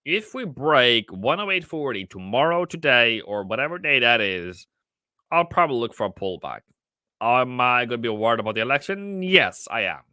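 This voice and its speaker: Casting note: male trading mentor, bright tone, dry close sound, jokey and rambling live commentary. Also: mid-range voice, sing-song, moderate pace, clean tone, dry recording. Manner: rambling, self-mocking and jokey. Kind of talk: casual live-stream market commentary.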